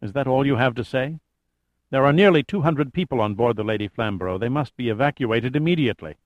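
A man's voice: medium pitch, lively intonation, fast talker, no echo, lo-fi sound, natural voice. A man voicing a stiff, impatient male cruise ship captain under strain.

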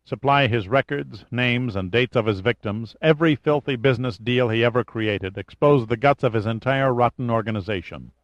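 A man narrating plays a steady, commanding hero who gives orders evenly and without fuss. The voice is a middle-pitched man's, close and dry, with a dull lo-fi sound. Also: normal speed, hardly any pauses, no echo, natural voice. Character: calm, commanding male hero. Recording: dull lo-fi audiobook recording.

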